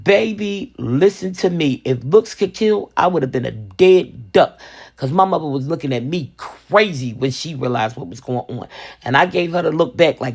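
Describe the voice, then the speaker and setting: A woman vlogger telling a funny family story in a casual storytime style, animated and expressive. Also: deep voice, normal speed, husky. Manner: animated, expressive, laughs often. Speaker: vlogger, resin crafter.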